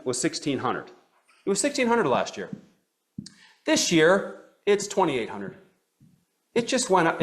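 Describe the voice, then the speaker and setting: A middle-aged man coaching a live training seminar. He talks in an animated way, keeps checking in with "okay?", and fires questions at the room. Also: medium pitch. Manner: asks the room questions and calls on listeners. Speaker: practice coach.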